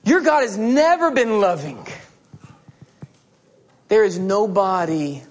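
Guy preaching slow and high, pleading with the church, really emphatic. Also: expressive. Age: adult with children and a wife. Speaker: pastor. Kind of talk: sermon.

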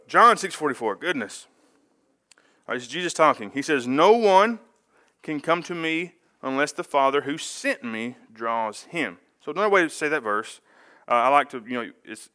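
Chatty preacher with a bright voice. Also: male voice, on the high side. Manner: conversational, rambling with asides and self-corrections. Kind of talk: casual sermon.

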